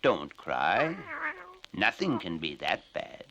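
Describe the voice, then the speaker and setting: A man's voice: sits low, very animated, takes it slowly, sharp tone, slight background noise, voice pushed down, exaggerated voice. A man doing a jaunty old donkey. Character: old male donkey, cheerful and hopeful.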